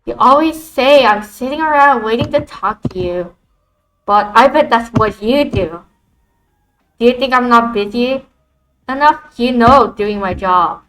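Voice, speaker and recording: Woman streamer playing a visual novel, slow playful reading, soft music underneath. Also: fairly high pitch, poor audio.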